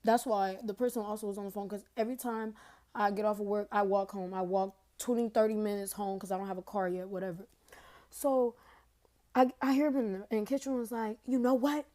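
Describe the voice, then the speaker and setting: A woman's voice: mid-range voice, fairly even intonation, brisk, mellow. A young woman telling a personal story to her viewers in a rambling, slangy way, recorded on her phone. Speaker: TikTok storyteller. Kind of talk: casual storytime rant.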